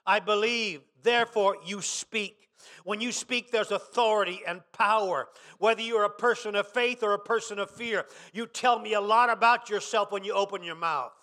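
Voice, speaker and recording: A man pastor preaching a sermon, dropping quiet, then rising to shouted emphasis. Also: sits high, moderate pace.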